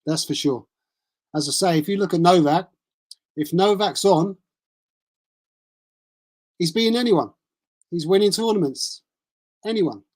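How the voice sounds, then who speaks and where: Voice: medium pitch, a little slow, long pauses, a little mellow. Chatty tennis streamer. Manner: rambling, chatty, thinks aloud with fillers. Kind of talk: casual live-stream chat. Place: cold room at home with a small heater.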